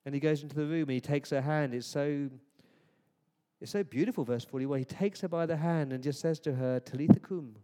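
A man's voice: on the high side, brisk. Preaching man in an echoing hall. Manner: conversational, swings from hushed to emphatic. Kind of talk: sermon. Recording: long hall reverb.

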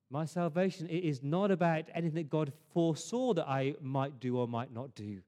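A man's voice: fairly high pitch, warm tone. A man preaching a sermon to his congregation, earnest, often restarting words and asking rhetorical questions. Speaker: pastor. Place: church service.

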